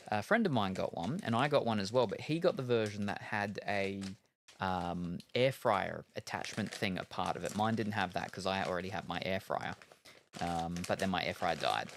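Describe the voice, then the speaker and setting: A man's voice: mid-range voice, slight background noise. A man streaming games, chatting casually in a rambling, self-deprecating way with lots of ums. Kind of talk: casual chat while gaming.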